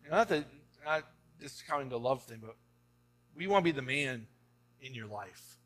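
Forceful, bright-voiced male preacher. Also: medium pitch, expressive, moderate pace. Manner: conversational preaching with rhetorical "right?" asides; rising to emphatic exhortation. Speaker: pastor. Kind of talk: sermon.

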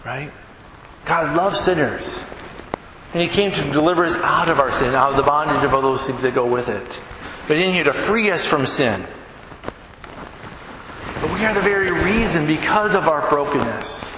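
A man preaching a sermon as pastor in a church, emphatic, climbing to near-shouts on key phrases. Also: a little high, animated, moderate pace, long pauses. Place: church sanctuary. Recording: echoey hall with background noise.

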